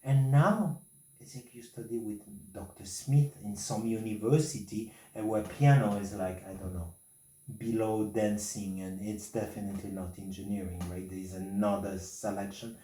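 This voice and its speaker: A man's voice: lowish voice, fairly even intonation, normal speed, mellow, slight background noise. A man teaching a piano masterclass, speaking English as a second language and singing rhythms to show what he means. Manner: sings and scats rhythms to demonstrate; non-native English phrasing. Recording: roomy, from a distance.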